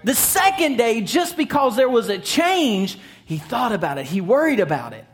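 A man in his thirties, a children's evangelist, preaching a lively sermon that builds to shouts. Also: extremely high pitch, moderate pace, slightly rough. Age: 30s.

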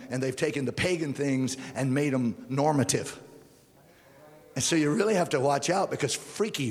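A man preaching a sermon, swinging between low, quiet stretches and loud, impassioned peaks. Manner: impassioned, rises to near-shouting then drops low. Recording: long hall reverb.

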